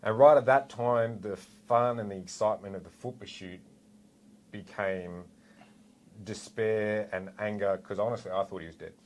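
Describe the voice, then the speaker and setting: A man in his forties with an Australian accent, a former police officer telling a story in a relaxed, animated way with lots of asides. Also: lowish voice, moderate pace, slight background noise. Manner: animated, rambling with fillers and asides. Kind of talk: casual storytelling anecdote.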